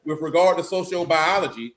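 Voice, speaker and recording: A middle-aged man preaching in loose talk, joking and mocking with loud bursts. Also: a little high, a little fast. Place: church meeting room.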